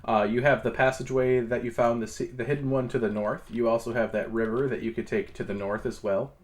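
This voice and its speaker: Game master guy, relaxed, matter-of-fact, middle pitch. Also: quick pace. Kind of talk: running a tabletop game.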